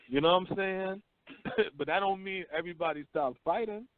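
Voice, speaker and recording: A man hosting a talk radio show, telling stories in rough, profane street slang. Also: high voice, no room sound. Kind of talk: casual talk radio chat. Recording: dry phone-line call-in audio.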